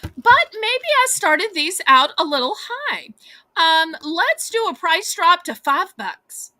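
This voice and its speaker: A woman's voice: extremely high pitch, sing-song, slow, sharp tone, no room sound. A woman with a Southern US accent hosting a live home-shopping auction, chatty and sweet, calling the viewers y'all.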